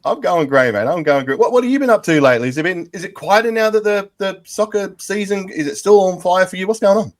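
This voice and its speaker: Fast-talking jokey male podcast host. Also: high voice. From England. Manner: jokey, rambling, self-mocking. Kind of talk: casual football chat.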